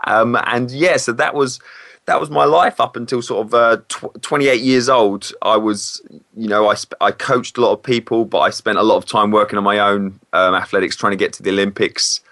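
A man's voice: lowish voice, fairly even intonation, normal speed, fairly bright tone, no room sound, studio quality. A man, a former PE teacher, talks candidly and hesitantly in a casual interview. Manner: candid, hesitant, self-correcting.

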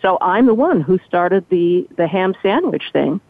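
An older woman, once an entertainment reporter, speaks a little slowly in a fairly low voice over a tinny, dry phone line without echo. She's an interview guest recounting behind-the-scenes stories and animatedly acting out others' words.

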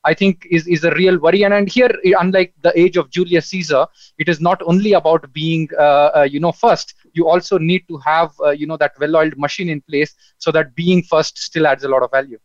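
A man's voice: fairly high pitch, fairly even intonation, fairly quick, no room sound, highs cut off. A man speaking as a panel guest in a casual online discussion, hesitant and full of fillers.

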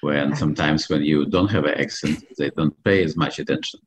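Very deep Belarusian-accented middle-aged man. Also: fairly even intonation, slight background noise. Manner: earnest, hesitant, many uh pauses. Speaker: guest. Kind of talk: interview answers.

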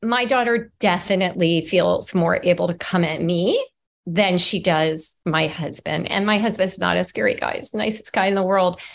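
A woman's voice: on the low side, normal speed, creaky. A middle-aged woman, an author being interviewed on a video call, talking earnestly in a conversational way. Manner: earnest and animated, acts out examples.

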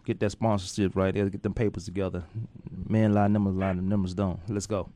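A man's voice: deep voice, level tone, brisk, warm tone. A man hosting a casual sports talk radio show, playful and loose with slangy banter.

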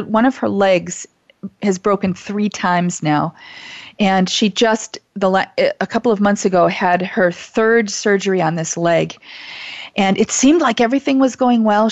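A woman's voice: mid-range voice, no echo, muffled recording. A middle-aged woman hosting a call-in show for teachers, talking in an earnest, gushing way with many restarts. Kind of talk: heartfelt casual talk show monologue.

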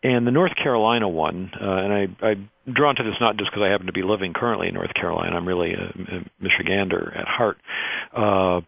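A man hosting a radio talk show, asking questions in a measured way with some fillers. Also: low-pitched, gravelly, dry recording. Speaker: radio host. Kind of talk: radio interview. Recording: dull lo-fi radio sound.

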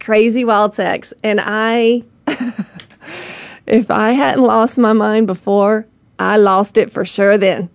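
A woman's voice: medium pitch, gravelly, no room sound. Chatty host woman, dry close sound. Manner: rambling and candid, full of "you know" and restarts. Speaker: show host. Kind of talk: personal storytelling monologue to an audience.

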